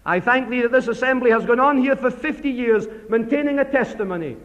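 A man preaching voices a smug, self-righteous Pharisee praying aloud, pompous and climbing in pitch. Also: fairly quick, a bit bright, dull audio. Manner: pompous, rising self-congratulation. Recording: long hall reverb.

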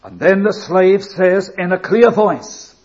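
An older man preaching a sermon, telling a story slowly and building to emphatic appeals. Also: sits high, expressive, a little mellow, dull audio. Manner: slow, deliberate storytelling with rising emphatic appeals.

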